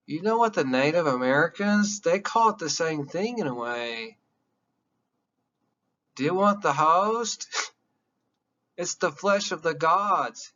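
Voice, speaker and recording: A man giving a classroom lecture in an excitable, emphatic way, often checking that his listeners follow. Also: on the high side, muffled recording.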